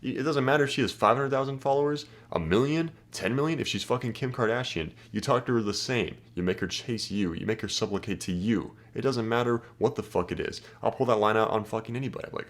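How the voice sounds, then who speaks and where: A man's voice: medium pitch, quick pace. A young man giving brash, profane dating advice, acting out pickup lines in a casual monologue. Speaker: dating coach.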